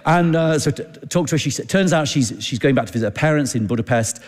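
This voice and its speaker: Preacher telling a story in a reverberant hall. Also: male voice, on the high side. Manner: chatty, halting, acts out dialogue. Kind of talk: anecdotal sermon storytelling.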